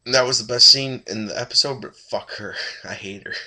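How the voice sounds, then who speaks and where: A man's voice: mid-range voice, normal speed, pushed and bright. A tired man giving a rambling, blunt and profane casual review of a TV episode.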